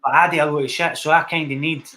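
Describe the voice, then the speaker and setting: A man's voice: a little high, steady tone, quick pace, bright, forceful tone. A young Scottish man, a film director, telling his story in a casual interview, blunt and swearing freely. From Scotland. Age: young adult.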